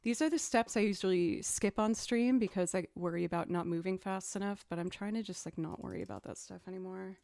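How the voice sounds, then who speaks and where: A young woman musician chatting casually as she builds a music loop, thinking out loud and making fun of her own mistakes. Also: medium pitch, a little fast, vocal fry, hardly any pauses, no echo. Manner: chatty, thinks aloud, self-deprecating. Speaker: musician streamer. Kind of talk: casual chat while producing music. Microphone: studio mic.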